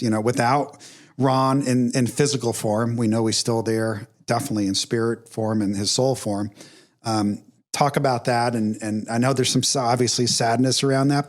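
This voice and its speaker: A middle-aged man hosting a podcast, speaking candidly and with emotion, with many fillers and restarts. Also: medium pitch. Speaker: podcast host. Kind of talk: casual conversation.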